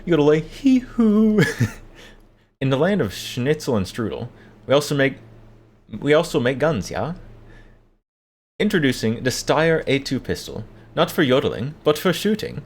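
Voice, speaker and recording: A man's voice: fairly high pitch, big pitch swings, unhurried, pitched above the performer's own voice, heavily acted. A man voicing a jolly mountain yodeler in an over-the-top put-on Austrian accent. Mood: hammy.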